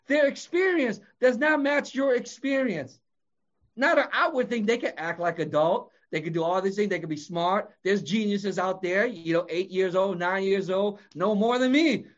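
A man preaching a sermon with passion, swinging from loud emphatic lines to hushed ones. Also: sits high, normal speed, muffled recording.

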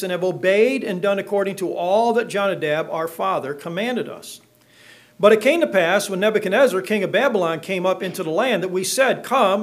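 A middle-aged man preaching in church, reading scripture and joking with the congregation in a folksy way. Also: high-pitched. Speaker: pastor.

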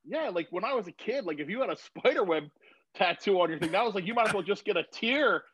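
A man's voice: high voice, expressive, quick pace, a bit bright, husky, dry recording. A man in his thirties telling stories in a casual chat in his home garage, swearing freely and acting out the voices of people he quotes. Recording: dull, slightly lo-fi sound.

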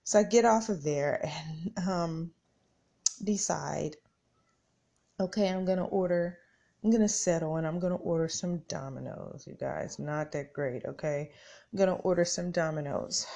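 A middle-aged woman hosts a podcast, chatting straight to her listeners as she tells a casual story and acts out her own reactions along the way. Her voice is fairly low, gravelly, and warm, at a normal speed.

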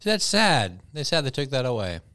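A man's voice: mid-range voice, moderate pace. A man co-hosting a casual comedic chat, joking and slipping into silly voices. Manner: joking, animated, slips into silly put-on voices. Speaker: podcast co-host.

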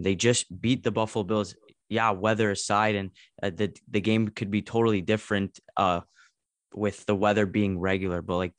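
A man's voice: low voice, dry recording. A man from Canada hosting a sports podcast, easygoing and steering the talk with questions. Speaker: podcast host. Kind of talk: casual sports chat.

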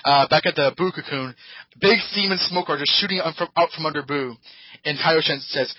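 This podcast host recaps an episode casually, rambling and hesitating as he tells the story and putting on voices for the characters. His fairly high voice is brisk, bright, forceful and husky, recorded dry on a podcast mic with the highs cut off.

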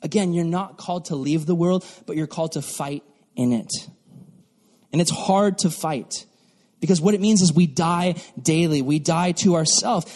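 A young man preaching a sermon to youth as a pastor, animated and acting out mocking voices. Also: a little high, moderate pace. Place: church hall. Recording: long reverb from a hall.

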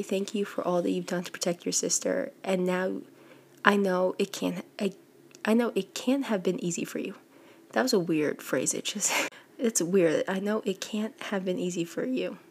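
A woman hosting a podcast, casually retelling a manga volume in a chatty, quick way with lots of "like". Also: mid-range voice, darkish tone, slightly rough. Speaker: podcast host. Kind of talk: casual book recap.

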